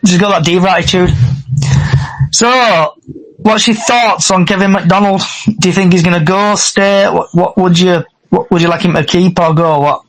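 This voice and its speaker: A man's voice: sits high, steady tone, normal speed, rough recording. A man hosting a casual fan podcast, reading out news items and then asking each panelist for their view. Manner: reads club news aloud, then polls the panel. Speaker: podcast host.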